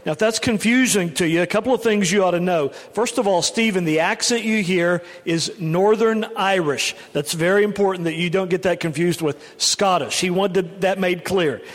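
A man, a pastor, introducing a guest speaker to the congregation in a brisk, plainspoken way. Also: sits high. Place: church sanctuary. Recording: long reverb of a church hall.

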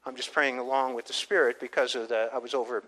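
A man's voice: mid-range voice, flat delivery, fast talker, bright, forceful tone, low-quality recording. An older man, a pastor, preaching a conversational sermon with frequent restarts and asides. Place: church.

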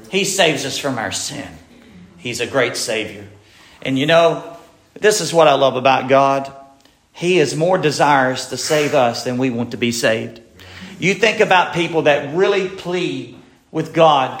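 A man's voice: medium pitch, fairly bright tone, reverberant. A male pastor preaching a sermon, reading scripture and building to emphatic, rising passages.

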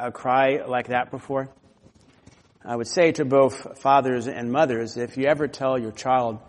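A man preaching a sermon with earnest, conversational delivery and personal stories. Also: medium pitch. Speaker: pastor. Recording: long hall reverb.

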